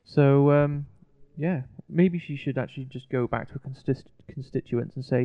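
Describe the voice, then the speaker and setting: A man's voice: medium pitch, moderate pace, hardly any pauses. A man in a casual podcast chat, making wry, sarcastic quips. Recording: dull lo-fi podcast audio.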